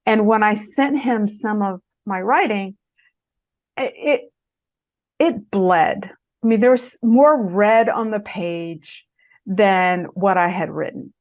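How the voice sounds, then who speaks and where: Animated storytelling woman, muffled recording. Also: mid-range voice, slow. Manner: animated storyteller, acts out quotes in a raised voice. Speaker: author and guest speaker. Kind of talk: conversational interview advice. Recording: muffled lo-fi audio.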